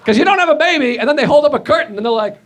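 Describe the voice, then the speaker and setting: A man doing a stand-up set, rambling and self-deprecating, with sudden shouted bits. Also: very high-pitched, expressive, rapid-fire. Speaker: stand-up comedian. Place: comedy stage. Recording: played clip with audience noise.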